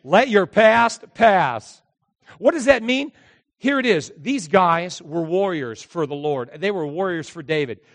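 A man preaches a sermon, retelling a story with acted-out dialogue and rising into shouts at its peaks. His voice sits high for a man. The sound is dry and close, with no room echo. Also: expressive, a little slow. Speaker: pastor.

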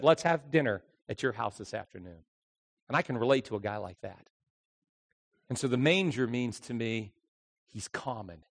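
Male pastor, fairly high voice, dramatic swings from loud to hushed, big echoing hall. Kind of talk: Christmas sermon. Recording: long hall reverb.

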